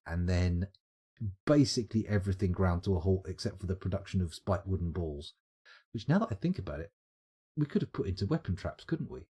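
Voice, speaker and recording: A man's voice: low voice, expressive, normal speed, dark tone, slightly rough. A man streaming live, giving chatty, wry gameplay commentary as he thinks aloud. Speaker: streamer playing a game.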